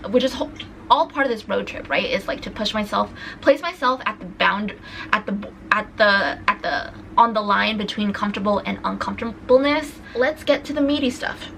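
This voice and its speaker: Bright-voiced young woman vlogging. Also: medium pitch, vocal fry, slight background noise, low-quality recording. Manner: chatty, animated retelling with many restarts and fillers. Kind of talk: casual road-trip vlog chat. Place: indoors at a rental home.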